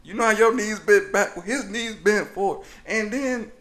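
A man's voice: high-pitched, moderate pace, a bit bright. A man telling a comic story on a podcast as co-host, rambling and laughing often.

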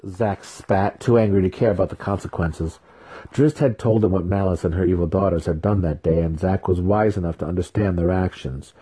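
A man reads a fantasy novel aloud at a steady, unhurried pace. His voice is very low and mellow, with a husky grain. It sounds like a storybook reading. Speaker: audiobook reader.

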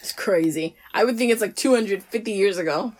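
A woman's voice: medium pitch, brisk. A woman co-hosting a casual chat, laughing easily and bantering.

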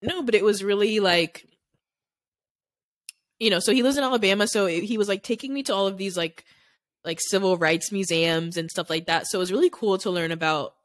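In a clean studio recording with no echo, a young adult woman with a mid-range voice talks a little fast. She co-hosts a podcast, rambling candidly through personal stories in casual chat and leaning heavily on "like".

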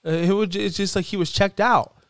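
A man co-hosting a casual wrestling podcast, talking in an animated way and acting out quotes in a raised voice. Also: sits high, fairly quick, no echo, clean studio sound. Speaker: podcast co-host.

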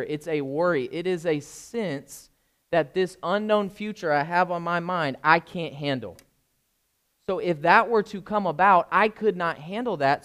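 A fairly high-voiced young man preaching in a relaxed, conversational way. He keeps checking in with the congregation, speaking to them like a pastor chatting with his church. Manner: informal, keeps checking in with the listeners. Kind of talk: conversational sermon.

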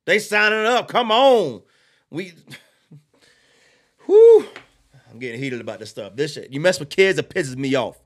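A man hosting a political podcast, giving heated, blunt opinion commentary with slow, emphatic repetition and drawled asides. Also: fairly high pitch, sing-song, fairly bright tone.

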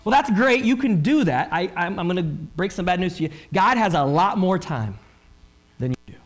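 High-voiced man preaching a sermon. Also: normal speed. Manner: animated preaching, rhetorical questions, voices listeners' thoughts. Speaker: pastor.

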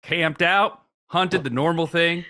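Man voicing a gruff old woodsman, folksy, indignant, bright voice, exclaiming up high. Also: slow pace. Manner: folksy, exclaiming, bursts into laughter. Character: grizzled old male backwoods bushwhacker, folksy and indignant. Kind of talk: comic dramatic reading.

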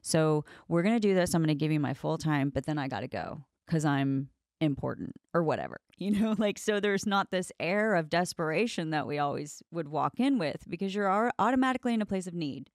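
A woman with a notably low voice telling candid stories in a blunt way during a casual chat, with swearing along the way. The sound is dry and close, with no room echo. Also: expressive, a little fast, few pauses. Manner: candid, blunt storyteller who swears freely.

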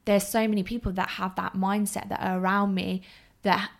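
A woman's voice: mid-range voice, flat delivery, normal speed, gravelly. A young woman in her twenties chatting casually, thoughtful and easygoing. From England. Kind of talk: casual chat.

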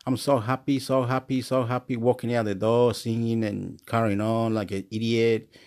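A man's voice: mid-range voice, flat delivery, normal speed, a little mellow. A man rambles through a stream-of-consciousness vlog. He repeats his words and leaps between topics. Laughter keeps slipping into his talk. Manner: rambling, repetitive, laughs often. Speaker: YouTuber.

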